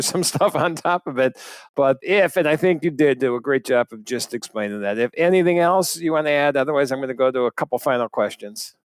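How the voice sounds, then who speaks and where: Low-voiced podcast host, dry sound. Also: male voice, dry recording. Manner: agreeable, quick affirmations. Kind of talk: casual interview chat.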